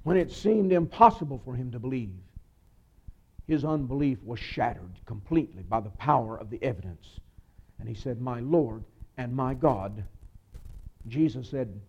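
A man preaching a sermon, retelling a story with a voice that swings from loud excitement to a quiet hush. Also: mid-range voice, moderate pace, breathy edge. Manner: dramatic storytelling, voice rising and dropping to a hush. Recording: muffled lo-fi recording.

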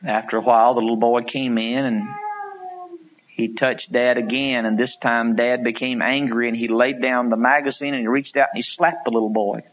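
A man preaching a sermon, telling stories and acting out quotes, climbing to loud pleading peaks. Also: mid-range voice, flat delivery, normal speed, highs cut off.

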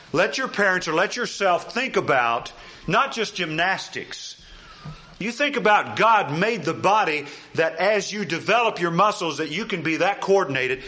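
Male pastor, sermon, emphatic, rhetorical questions, slightly high voice, bright tone. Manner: animated preaching, rhetorical questions, emphatic repetition.

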